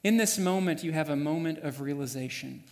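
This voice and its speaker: A man preaching a sermon, telling a story vividly and swinging from hushed passages to loud, urgent ones. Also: on the high side, brisk, in a large hall. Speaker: pastor. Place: church sanctuary.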